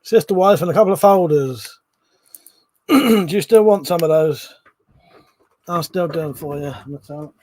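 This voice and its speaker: A man's voice: on the high side, measured pace, pauses often, a little mellow, a little hiss or hum. A man hosting a casual live stream, joking and swearing freely as he chats to viewers. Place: indoors at home, seated low in a chair.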